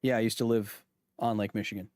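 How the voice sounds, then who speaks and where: A man's voice: on the low side, level tone, fast, darkish tone, dry recording, studio quality. A man in his thirties hosting a science podcast livestream, chatting loosely and jokingly with viewers, full of fillers and restarts. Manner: jokey, teasing back at chat. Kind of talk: casual live-stream chat reading viewer comments.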